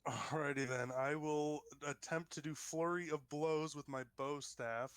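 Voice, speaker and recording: Man, slightly high voice, tabletop player, halting, restarts a lot. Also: fairly even intonation, fairly bright tone, clean tone, no room sound. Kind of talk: casual tabletop play.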